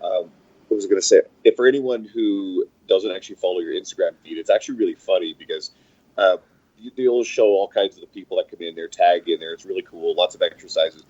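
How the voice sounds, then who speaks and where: A man's voice: low-pitched, fast, darkish tone. A man hosting a podcast in casual chat, joking and teasing his guest. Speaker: podcast host. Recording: dull lo-fi sound.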